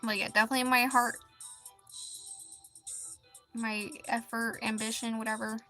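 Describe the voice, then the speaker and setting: A woman streaming as an artist, chatting casually while she draws, in a halting, rambling and quietly deflated way. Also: fairly high pitch, level tone, faint music behind. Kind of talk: casual chat while drawing.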